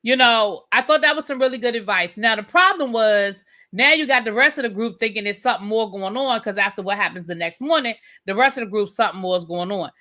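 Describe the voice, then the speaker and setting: A woman's voice: medium pitch, fast talker, few pauses, bright, forceful tone. A woman hosting a live TV review, chatting casually with her viewers and repeating phrases for emphasis. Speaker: TV review host. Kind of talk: live recap and rant, casual chat.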